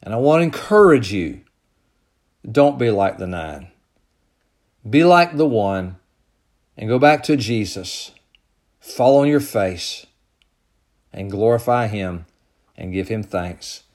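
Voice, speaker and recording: A man preaching a sermon as pastor, building to loud, emphatic peaks and then dropping low and soft. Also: big pitch swings, takes it slowly, long pauses.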